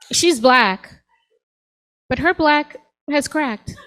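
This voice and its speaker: A woman's voice: a little high, animated, normal speed, a bit bright, low-quality recording. A woman in her forties doing a stand-up set on a comedy club stage, talking to the crowd in a sassy, conversational way. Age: 40s.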